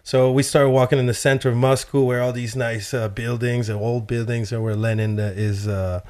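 A man telling a story in a casual chat, animated and swearing freely, with lots of "like". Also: mid-range voice, moderate pace. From Chile. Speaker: guest telling a travel story.

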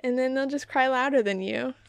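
A woman's voice: high-pitched, fairly quick, gravelly, smooth, no room sound. A young woman co-hosting a podcast, chatting casually with a jokey, playfully dramatic manner. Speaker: podcast co-host. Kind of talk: casual chat.

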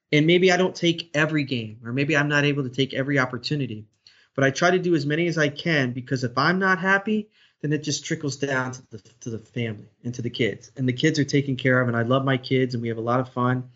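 A man's voice: medium pitch, a bit bright. A man in his thirties, a sports broadcaster, speaking earnestly in a podcast interview and telling a personal story with many restarts. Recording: dull lo-fi audio.

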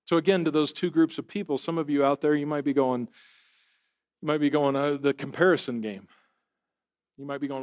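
A man's voice: a little high, brisk, no room sound, clean studio sound. A middle-aged man preaching a sermon at a church service, talking in a conversational, self-deprecating way and often repeating words as he thinks aloud. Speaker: pastor.

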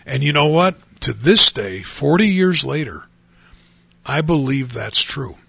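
Gravelly, earnest pastor in his fifties. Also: mid-range voice, animated, unhurried, bright, forceful tone, dry recording. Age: 50s. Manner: earnest, emphatic, repeats phrases for stress. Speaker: pastor and radio host. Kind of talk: radio sermon testimony.

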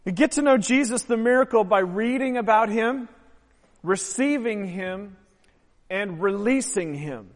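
A man preaching a sermon as pastor, emphatic and swelling louder on key phrases. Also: sits high, expressive, measured pace. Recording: long hall reverb.

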